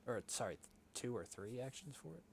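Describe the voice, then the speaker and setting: A man's voice: mid-range voice, animated, normal speed, creaky, a little hiss or hum. A man playing a tabletop game, thinking aloud about his turn in a casual, self-deprecating way. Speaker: player.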